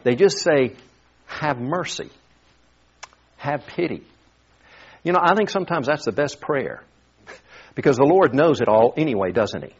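Husky-voiced man preaching a sermon. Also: medium pitch, lively intonation, a little fast. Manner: conversational, repeats words while thinking. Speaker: pastor. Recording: dull lo-fi sound.

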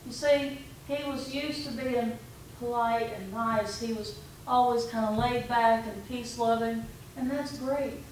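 A woman pastor delivers a sermon, relaxed and conversational, slipping into little stories and the dialogue she had with people. Her voice sits a bit high and comes from some distance off the mic. The room is very echoey, with a faint hum of noise underneath. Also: a little slow. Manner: conversational storytelling preaching, quoting her own talks.

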